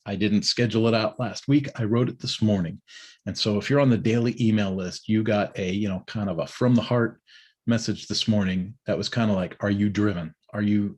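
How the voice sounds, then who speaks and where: Husky middle-aged man telling a story. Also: on the low side, darkish tone. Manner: storytelling with many restarts, acts out quoted riders. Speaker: business owner giving a morning check-in. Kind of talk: casual spoken monologue.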